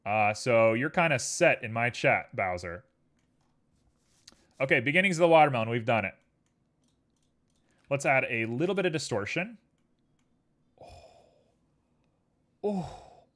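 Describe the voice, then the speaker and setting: This live streamer is a man who jokes playfully with his viewers, making casual chat and rambling asides while he keeps working. He has a mid-range, fairly bright voice that's expressive, and he talks unhurriedly with long pauses.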